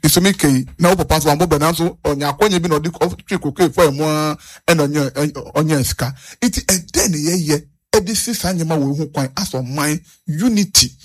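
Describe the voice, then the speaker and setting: A man's voice: on the high side, moderate pace, few pauses. A man with a Ghanaian accent being interviewed, making earnest points, repeating himself and switching between Twi and English. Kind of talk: street interview on national issues.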